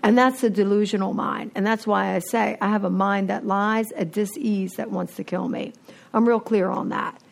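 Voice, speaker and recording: Gravelly candid New woman. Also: mid-range voice. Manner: candid, animated storytelling with acted-out quotes. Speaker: recovering alcoholic sharing her story. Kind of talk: recovery meeting talk.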